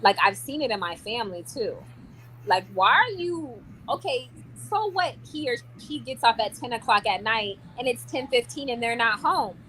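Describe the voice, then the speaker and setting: Brief: bright, forceful young woman, chatty vlogger, lots of fillers, faint ambience behind. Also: on the high side, moderate pace, a little hiss or hum. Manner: chatty and animated, many likes and restarts. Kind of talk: casual chat to camera.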